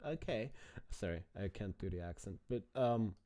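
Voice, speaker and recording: A man's voice: on the low side, expressive, normal speed, warm tone. Casual, swearing man reacting to a clip. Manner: chatty, swears freely, talks to chat. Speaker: streamer reacting to a video.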